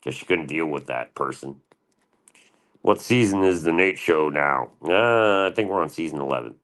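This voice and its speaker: A man's voice: extremely low pitch, animated, normal speed, a bit bright. A man in his thirties chatting casually on a livestream, rambling and swearing freely as he talks. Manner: crude, profane and rambling.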